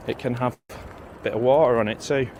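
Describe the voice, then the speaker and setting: A man's voice: mid-range voice, fairly even intonation, fairly quick, darkish tone. A man rambling casually to a handheld camera and his dog while walking on a beach. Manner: rambling, self-mocking, talks to his dog. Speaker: vlogger. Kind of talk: casual walking vlog chat. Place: windy beach outdoors. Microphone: handheld pocket camera. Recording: faint wind and outdoor noise.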